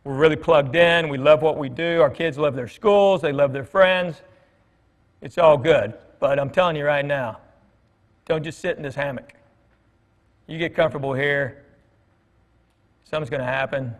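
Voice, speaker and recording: Long pauses mark the delivery of this middle-aged guest speaker, whose fairly bright, highish voice moves at normal speed. In a church hall with long reverb, he offers a conversational sermon of folksy anecdotes, acting out dialogue by quoting others.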